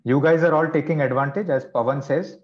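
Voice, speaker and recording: A man's voice: on the high side, brisk, highs cut off. A man teaching vocabulary in an online class, explaining patiently with chatty asides. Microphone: video call.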